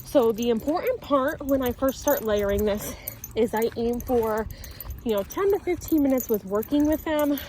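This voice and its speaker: A woman dog trainer outdoors, explaining her method while walking a dog and calling out sharp commands. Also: a little high, slight background noise. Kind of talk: instructional talk during dog training.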